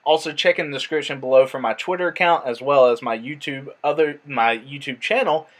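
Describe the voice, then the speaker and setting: A young man vlogging, telling a casual story and acting out the quotes in a higher voice. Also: brisk. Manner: animated, acts out quotes in a higher voice.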